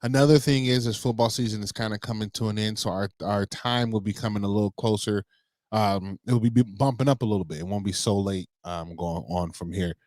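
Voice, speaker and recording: A man in his thirties co-hosting a casual podcast, relaxed and jokey, laughing along. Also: on the low side, fairly quick, no echo, clean studio sound. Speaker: podcast co-host.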